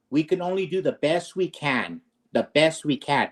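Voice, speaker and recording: A man's voice: a little high, lively intonation, moderate pace. A man lecturing and arguing in a heated political debate, combative and profane, firing off rhetorical questions.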